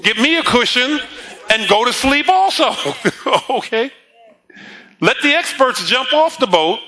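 Bright, unhurried preacher with laughs. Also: male voice, extremely high pitch. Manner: animated, laughing storyteller, acts out quotes. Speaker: pastor. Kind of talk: sermon.

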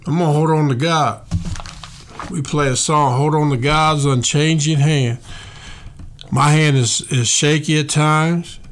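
Man, pastor, sermon, fervent, conversational, slightly high voice. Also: unhurried. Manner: fervent, conversational preaching, addresses listeners as folks; swings between soft reflection and loud excited praise.

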